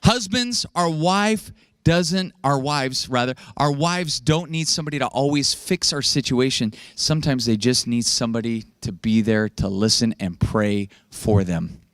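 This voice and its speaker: A man's voice: mid-range voice, a little slow, fairly bright tone, no room sound, studio quality. A man preaching a sermon as pastor, joking with the congregation and acting out quotes in a raised voice.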